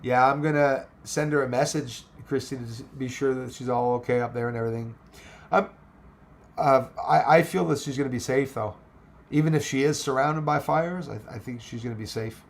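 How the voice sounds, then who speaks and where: Gravelly man chatting on a livestream. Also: mid-range voice, a little fast. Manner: rambling, reads viewer comments aloud and thanks them. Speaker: livestream host reading chat. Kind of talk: casual live chat.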